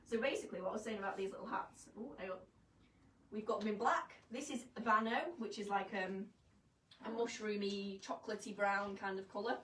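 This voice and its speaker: A woman's voice: mid-range voice, fairly even intonation, a little fast, fairly bright tone. A woman presenting clothes on a live fashion vlog, chatty and jokey, poking fun at herself. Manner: chatty, jokey and self-mocking. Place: shop studio, indoors. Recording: roomy, distant, faint background hum.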